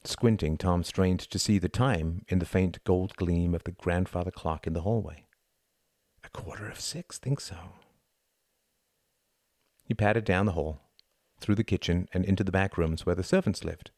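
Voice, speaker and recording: A man narrating a novel in a quiet, measured storytelling manner. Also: low voice, no room sound, studio quality. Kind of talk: audiobook narration.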